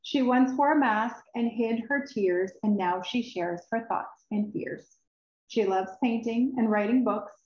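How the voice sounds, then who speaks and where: A woman reading her own children's book aloud, expressive and emotional, with sighs and drawn-out words. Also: medium pitch. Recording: roomy, dull recording.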